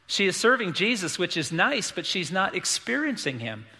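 A man delivers an earnest, emphatic sermon, circling back to repeat his main points. His voice sits slightly high and sounds very bright. It rings in a church sanctuary with long reverb. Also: very animated, normal speed, hardly any pauses. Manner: earnest, emphatic preaching with repetition. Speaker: pastor.

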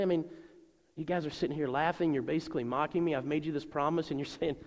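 A middle-aged male pastor preaching a sermon to his congregation in a conversational, animated way. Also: on the high side, fast. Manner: conversational and animated, voicing people in his stories. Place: church sanctuary. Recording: long reverb of a large church hall.

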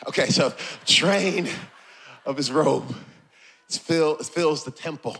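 A male pastor preaching a passionate sermon, repeating phrases and building to shouts. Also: mid-range voice, moderate pace.

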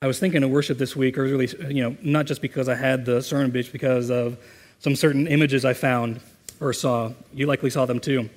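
In a church sanctuary with long hall reverb, a pastor preaches earnestly and conversationally, reading scripture and leading a prayer. His voice is medium-pitched, fairly even in intonation, and fairly quick.

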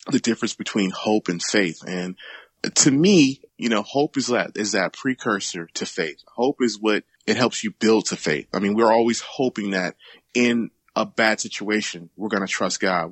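A man co-hosting a casual podcast about faith, relaxed, repeating himself and ending lines with man or dude. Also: fairly low pitch, no echo. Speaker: podcast co-host.

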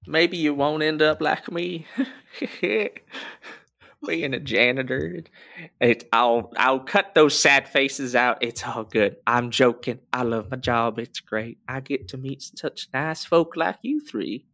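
A man's voice: mid-range voice, slow, vocal fry, sharp tone, heavily acted. A man voicing a friendly male robot janitor with six arms, with a folksy drawl and a kindly, teasing manner. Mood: joking.

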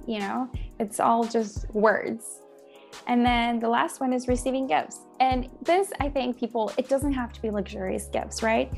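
A chatty woman co-host with a slightly high voice and a gravelly, fry-laden edge. She talks things through casually and acts out little scenes to make her point. Soft music plays faintly behind her. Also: fairly even intonation, normal speed. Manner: chatty, explains with acted-out examples. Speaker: guest co-host. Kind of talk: casual chat.

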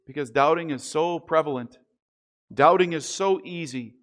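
A man preaching a sermon, earnest and deliberate, slowing down on the key phrases. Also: a little high. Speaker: pastor.

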